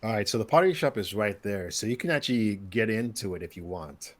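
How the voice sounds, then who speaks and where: A man's voice: on the low side, expressive, fast talker. A man running a tabletop game as game master, loose and rambling with many restarts.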